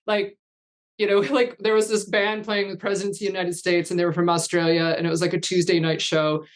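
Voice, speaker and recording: A woman's voice: fairly low pitch, level tone, brisk. A woman in her fifties, a guest in an interview, telling long rambling anecdotes in casual chat and laughing often. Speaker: guest, artist coach.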